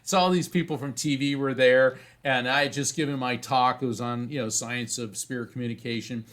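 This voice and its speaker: A man being interviewed as a psychic medium, telling a story in an animated way and often restarting phrases. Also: mid-range voice, brisk.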